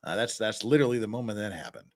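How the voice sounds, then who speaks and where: His pitch fairly low and his delivery rapid-fire, the Cache Valley, Utah host with a Utah accent reads news articles during a casual live stream and peppers them with sarcastic asides.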